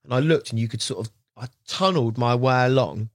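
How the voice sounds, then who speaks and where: A man's voice: medium pitch, fairly quick, dry recording, clean studio sound. A man telling a long rambling story as a guest, casual and chatty, often quoting what others said. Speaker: guest angler.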